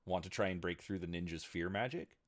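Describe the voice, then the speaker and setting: A man's voice: sits low, brisk, close to an everyday voice. A man voicing a sly, teasing male game master at a tabletop game.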